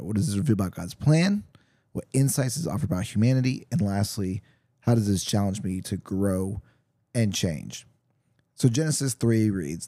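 A man with a low, very warm and mellow voice reads scripture, then thinks it over out loud in a loose, halting way. He hosts the show, and the sound is close and dry. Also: dry recording. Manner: thoughtful, halting, musing aloud. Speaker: podcast host. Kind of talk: Bible reading and casual reflection.

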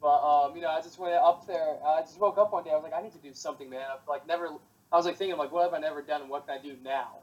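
A man's voice: a little high, steady tone, racing, lo-fi sound. A young man in casual chat, laid-back and rambling with lots of fillers.

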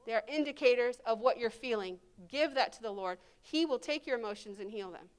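A woman's voice: fairly high pitch, fairly quick, smooth. A woman pastor preaching a sermon to a congregation, emphatic and call-and-response, leading into prayer. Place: church service.

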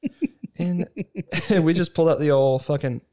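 A young man in his twenties tells loose, profane stories in a relaxed chat. His tone is mellow and warm, and he keeps slipping into quick impressions of the people he is quoting. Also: on the high side. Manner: rambling, profane, acts out quoted voices. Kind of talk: casual storytelling chat.

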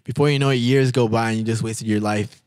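A man's voice: mid-range voice, steady tone, fast talker, a little mellow, dry recording. A man in his twenties hosting a casual podcast chat, easygoing and agreeable, in a studio. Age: 20s.

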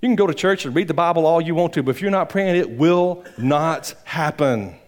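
In a church sanctuary, a male pastor preaches a sermon a little fast, his rambling, folksy delivery swinging between loud emphatic peaks and quiet, low asides.

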